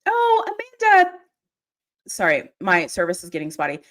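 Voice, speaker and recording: A woman's voice: on the low side, normal speed. A young adult woman hosting a casual livestream, chatting with her viewers and laughing often. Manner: giggly, animated, laughs often. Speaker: livestream host. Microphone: desk mic.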